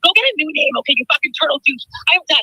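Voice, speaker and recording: A middle-aged woman on a phone call, shouting insults and constantly cutting the other person off. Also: high voice, animated, racing, dry recording. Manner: shouting, profane, keeps interrupting. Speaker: angry caller. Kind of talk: heated phone argument.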